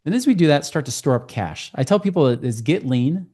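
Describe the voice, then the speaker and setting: A man speaking as a guest on a podcast interview, telling client stories in a quick, storytelling way. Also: on the high side, animated, a little mellow, breathy edge. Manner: fast, storytelling with client anecdotes. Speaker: guest, financial coach.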